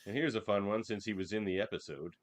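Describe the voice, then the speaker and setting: A man's voice: lowish voice, fast. A man co-hosting a casual podcast, reading out categories and teasing his co-host with confidence. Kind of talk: casual chat.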